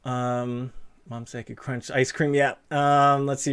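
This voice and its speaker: A man hosting a relaxed livestream interview, talking in a loose, chatty way. He laughs easily and breaks off to read out viewer messages. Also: medium pitch, moderate pace, smooth. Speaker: streamer and interviewer. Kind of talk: casual livestream chat.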